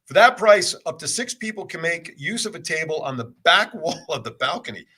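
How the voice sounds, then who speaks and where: A male talk show host with a bright, slightly husky voice that moves up and down a lot. He cracks jokes with his guest and reads news stories in a playful way. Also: a little high, lively intonation, brisk. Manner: wisecracking, reads news items aloud. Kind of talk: casual interview chat.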